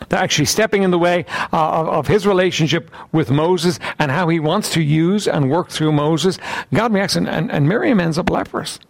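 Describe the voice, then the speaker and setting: Guy preaching a sermon, kinda high, gravelly voice, clears his throat a lot, reads old bible verses out loud. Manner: reads scripture aloud in old wording. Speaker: Bible teacher. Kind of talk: sermon with scripture reading.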